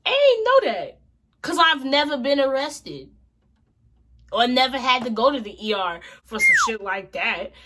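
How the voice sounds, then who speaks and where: A woman vlogger telling a casual storytime tale in an animated, slangy, expressive way. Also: high-pitched, measured pace.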